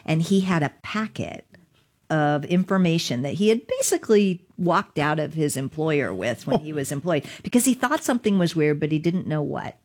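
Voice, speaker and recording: Woman, middle-aged, very low voice, animated storyteller, laughs often, interview guest. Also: normal speed. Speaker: digital rights lawyer.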